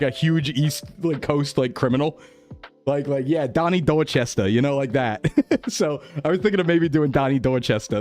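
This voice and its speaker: A man's voice: on the high side, a little mellow. A young man chatting casually on a live stream, rambling, reading chat aloud and laughing often. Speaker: VTuber streamer.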